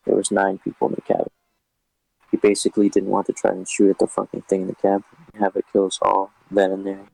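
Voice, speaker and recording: A low, gravelly man reads a scary story aloud in a flat, even voice, cursing casually as he goes. His voice is a little husky, with faint music under it. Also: fast, dry recording, rough recording. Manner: casual, swears often, flat delivery.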